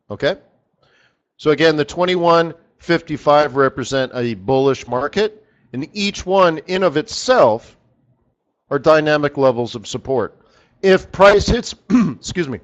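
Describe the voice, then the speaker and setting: A man hosting a live trading strategy session, chatting casually and animatedly with viewers by name as he teaches. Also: fairly high pitch. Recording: dull lo-fi stream audio.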